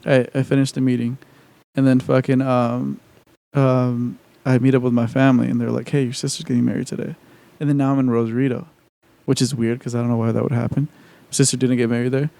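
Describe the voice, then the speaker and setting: A man's voice: medium pitch, level tone, brisk, warm tone. A man co-hosting a podcast in casual chat, rambling with lots of profanity, fillers and restarts. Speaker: podcast co-host.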